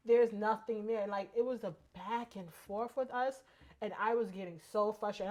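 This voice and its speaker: A woman's voice: mid-range voice, fairly even intonation, moderate pace, a little mellow. A woman chatting casually on a podcast, backing up her co-host and getting worked up when she retells family stories. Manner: agreeable listener who gets heated retelling arguments. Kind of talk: casual chat.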